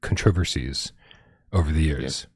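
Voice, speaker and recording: A man's voice: a bass voice, unhurried, slightly rough, no room sound, studio quality. A man hosting a casual gaming livestream, reading viewer comments, laughing and swearing freely and often stumbling over his words. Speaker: podcast host.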